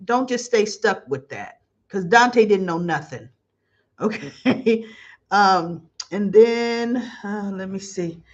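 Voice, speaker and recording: Hosting a live soap opera commentary stream, this woman speaks in an animated mid-range voice. She chats loosely, reads out viewer comments, and gushes emotionally with long, drawn-out exclamations, all captured on dull-sounding audio.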